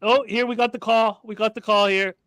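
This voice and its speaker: A man's voice: high-pitched, steady tone, fairly quick, a bit bright, clear, resonant tone, no room sound. A man co-hosting a casual live sports betting stream, joking, swearing and laughing often. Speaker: podcast co-host.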